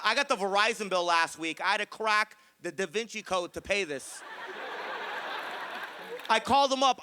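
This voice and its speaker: A man's voice: sits high, sharp tone, a little hiss or hum. A male stand-up comedian telling breezy, upbeat stories about being broke. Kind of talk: stand-up set.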